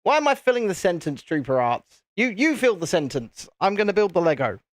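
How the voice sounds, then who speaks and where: A man's voice: high-pitched, very animated, fairly quick, dry recording. A British man hosting a casual live stream from his home setup, chatty and rambling as he answers viewers. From United Kingdom. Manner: chatty, rambling, reads viewer chat aloud. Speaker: livestream host. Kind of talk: casual live stream chat while building.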